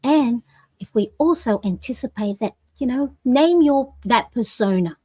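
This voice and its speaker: A woman's voice: on the high side, animated, measured pace, warm tone, husky, dry recording. A woman in her forties hosting a motivational planner talk, encouraging and repeating affirmations, with many "you know"s. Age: 40s. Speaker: planner coach and channel host. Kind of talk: motivational live plan-with-me talk.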